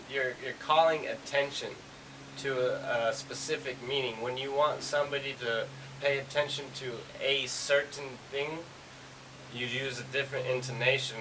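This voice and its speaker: Guy teaching english, loose and rambly, mid voice, hissy far-off mic. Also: medium pitch. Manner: casual, rambling explanations with many fillers. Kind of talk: explaining a language lesson.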